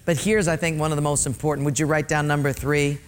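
A middle-aged male pastor preaching a sermon with animated delivery, repeating key phrases for emphasis and talking directly to his congregation. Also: on the high side, fast.

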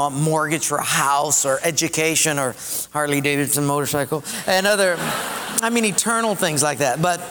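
Male preacher, sermon delivery, lively storyteller, high voice in a reverberant hall. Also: slight background noise. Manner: animated storytelling with acted-out voices.

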